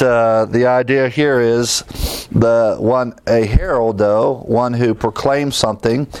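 A man's voice: mid-range voice, gravelly. Man preaching an emphatic sermon. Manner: builds from teaching tone to emphatic, rising exhortation; asks the congregation fill-in questions. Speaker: pastor.

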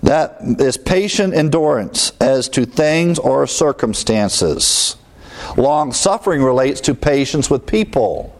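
A man preaching a sermon in a lively, animated way, his voice sitting at an ordinary middle pitch. He acts out little inner voices with sighs and exclamations as he teaches. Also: takes it slowly. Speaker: pastor.

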